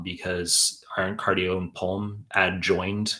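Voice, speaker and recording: A young man answers viewers' questions on a live stream, tutoring for medical exams in a blunt, profane, rambling way. His voice sits very low and stays flat, with a bright, sharp edge. He talks like a casual teacher who goes off on tangents. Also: a little fast. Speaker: exam tutor.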